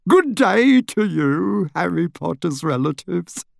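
A man voicing an excitable, overly polite small older wizard with a squeaky voice. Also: slow pace, creaky, dry recording, clean studio sound, full character voice. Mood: excited, polite.

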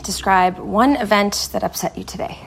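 A woman's voice: mid-range voice, moderate pace, creaky, lightly acted. An actress playing a worried middle-aged mother who pleads with her angry daughter. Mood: pleading. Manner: pleading and strained.

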